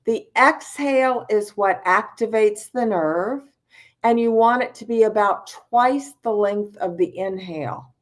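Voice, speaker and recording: A middle-aged woman teaching mindfulness over a video call. She speaks slowly and calmly, and her voice sits at an average pitch. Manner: unhurried, calm instructive tone. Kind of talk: mindfulness talk with guided breathing.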